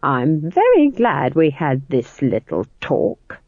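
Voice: mid-range voice, very animated, slow pace, no echo, heavily acted. A reader voicing a quarrelsome, bawdy old village witch who snaps and shrieks. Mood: menacing. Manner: sharp, snapping and shrieking in the quarrel. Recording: tinny phone-like audio, dry.

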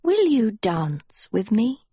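Storybook hag-witch, young girl at heart, sweet and pleading; a woman reads her, high and husky. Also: sing-song, slow pace, mellow, no room sound, full character voice. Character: young witch girl turned withered hag, wistful and menacing.

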